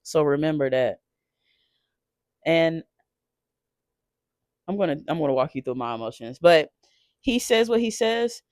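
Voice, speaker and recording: A man telling a painful personal story off the cuff, emotional and halting, swearing and restarting often. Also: fairly high pitch, animated, darkish tone, no room sound, studio quality. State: shaken while recounting.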